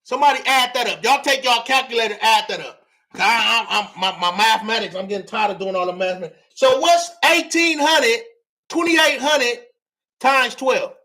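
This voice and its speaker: Hyped high-voiced man preaching to his livestream. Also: bright, forceful tone. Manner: hyped, preachy, repeats himself, drops AAVE slang. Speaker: livestream host teaching real estate. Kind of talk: livestream teaching talk to viewers.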